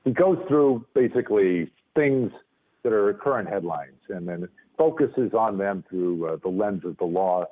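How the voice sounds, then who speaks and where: A man telling courtroom-comedy stories as a podcast guest, jumping in and out of other people's voices. His pitch moves a lot as he talks. He comes through a narrow, tinny phone line. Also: a little slow. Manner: lively, acts out voices, restarts often. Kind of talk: animated storytelling on a phone call.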